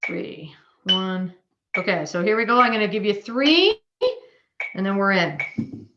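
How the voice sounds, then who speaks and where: A woman with a Canadian accent teaching a drumming workshop online, chatty and casual, counting beats out loud. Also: mid-range voice, animated, normal speed, dull audio, a little hiss or hum.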